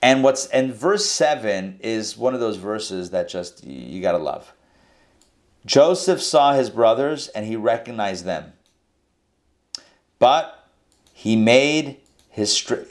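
Man teaching a casual Torah class. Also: fairly low pitch. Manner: conversational, thinking aloud. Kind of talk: informal Bible class.

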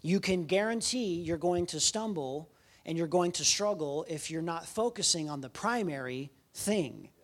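A man preaching a sermon as a guest speaker, telling stories with animation and swinging between loud and quiet lines. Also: fairly high pitch, lively intonation, moderate pace.

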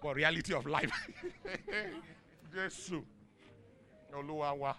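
A middle-aged man with a Nigerian accent preaching a sermon in call-and-response style. He swings from soft asides to shouts and chuckles often. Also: on the high side, wildly swooping pitch, slow pace, over music. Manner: chuckles often mid-sentence. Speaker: pastor.

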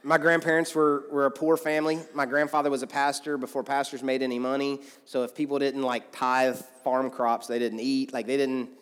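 A man's voice: medium pitch, flat delivery, fairly quick, hardly any pauses, a bit bright, clean tone. A man, a pastor telling stories in a sermon in a loose, conversational way with many asides. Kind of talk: sermon storytelling. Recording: long hall reverb.

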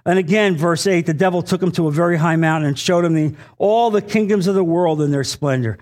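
A man preaching a sermon to his congregation. He speaks earnestly, repeats phrases for emphasis, fills pauses with "uh," and addresses the listeners directly. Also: on the high side, darkish tone. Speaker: pastor.

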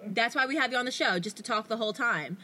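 A woman's voice: a little high, quick pace, bright, forceful tone. A woman with a New Jersey accent hosting a podcast, talking in a bubbly, gushing way. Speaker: podcast host. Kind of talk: casual podcast chat.

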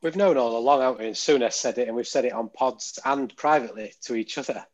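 A man's voice: medium pitch, quick pace. A man with a Yorkshire accent, co-hosting a football podcast, chatty and laughing between remarks, in dull lo-fi audio. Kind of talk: casual chat.

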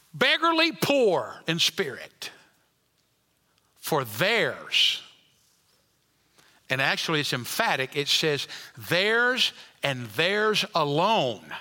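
High, bright-voiced preacher in a reverberant hall. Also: male voice. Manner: dynamic preaching, rising loud then dropping to near whisper. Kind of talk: sermon. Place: church sanctuary.

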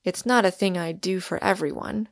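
A woman reading the part of a sullen young male undergraduate who speaks with soft, unsettling tenderness. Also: normal speed, vocal fry, dry recording, studio quality. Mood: gently menacing. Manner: soft, low-key tenderness.

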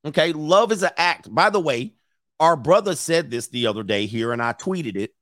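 A man's voice: fairly high pitch, moderate pace, dry recording, studio quality. Blunt, swearing man commenting live. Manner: blunt, profane, animated, with mocking asides. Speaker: commentary host. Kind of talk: live commentary reading messages to an audience. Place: venue with a live audience in the room.

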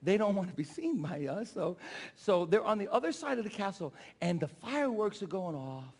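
A middle-aged man preaching a sermon, telling a personal story in an animated way and shouting out quoted voices. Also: sits high, moderate pace, husky. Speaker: pastor. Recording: long hall reverb.

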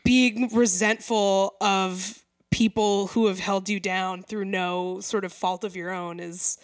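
A woman's voice: medium pitch, steady tone, slow pace, no room sound. Woman co-host, easygoing chatter, dry close-mic recording. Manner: chatty, many "like" fillers, laughs at own jokes. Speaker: podcast co-host. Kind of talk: casual chat.

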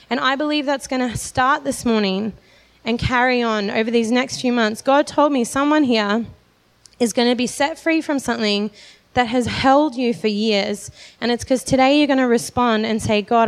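A young woman preaching a sermon in a church, earnest and personal, telling her own testimony with light laughs. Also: fairly high pitch. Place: church hall. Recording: long hall reverb.

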